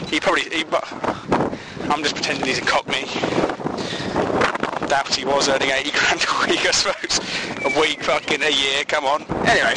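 A man's voice: fairly high pitch, very noisy. A man rambles through a comic monologue, swearing and laughing at his own jokes.

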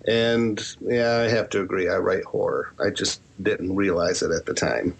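A man's voice: low voice, fairly even intonation, moderate pace, gravelly, slightly rough. A man who writes horror and podcasts, answering interview questions in a candid, rambling way with self-deprecating asides. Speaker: author and podcaster.

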